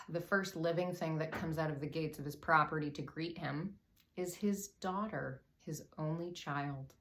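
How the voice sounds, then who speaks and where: Low, gravelly woman telling profane comedy. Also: a little slow, fairly bright tone. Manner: irreverent, profane, lots of "like" fillers. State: a bit out of breath, drinking wine. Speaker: comedy podcast host. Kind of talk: comic casual storytelling.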